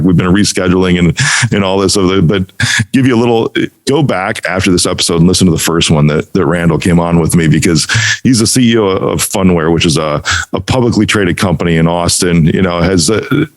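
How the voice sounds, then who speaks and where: A man hosting a podcast, chatting casually over a video call from a hotel conference room and telling stories in a laid-back, rambling way. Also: low-pitched. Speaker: podcast host.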